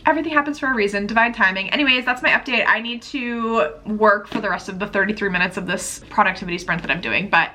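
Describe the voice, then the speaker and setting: Bright, chatty young woman vlogger. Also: mid-range voice, quick pace, hardly any pauses, a little hiss or hum. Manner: bubbly, gushing, chatty with frequent "like". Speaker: book vlogger. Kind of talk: casual reading vlog chat.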